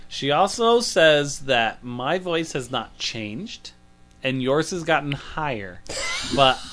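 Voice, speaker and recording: A man's voice: a little high, expressive, slow, pauses often, a bit bright, a little hiss or hum. A man co-hosting a casual podcast, wry and laid-back, swearing freely. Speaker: podcast co-host. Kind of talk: casual chat.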